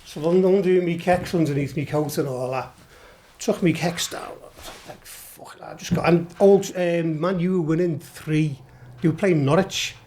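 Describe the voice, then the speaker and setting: A middle-aged man from Liverpool with a Scouse accent, a podcast guest telling a story in a lively, sweary way, often laughing. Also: fairly high pitch. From Liverpool, England. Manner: animated, swears a lot, laughs while telling. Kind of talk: storytelling anecdote.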